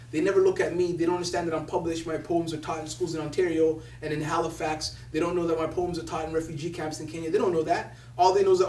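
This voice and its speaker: A man's voice: a little high, steady tone, quick pace, darkish tone. A young man who is a poet laureate, telling stories animatedly and laughing as he quotes other people. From Somalia. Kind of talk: storytelling talk. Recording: echoey room from a distance with faint hum.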